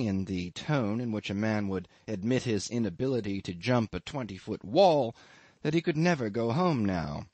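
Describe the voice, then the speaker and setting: Male audiobook narrator, slow deliberate pace, dry close-mic sound, mid pitch. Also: no echo. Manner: measured, unhurried literary reading. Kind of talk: scripted narration.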